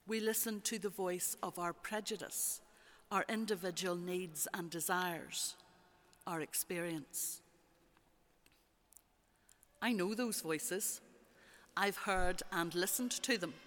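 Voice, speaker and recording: A preacher giving a measured, rhetorical sermon with repeated phrases, recorded in a church. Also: medium pitch, fairly bright tone. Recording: long church reverb.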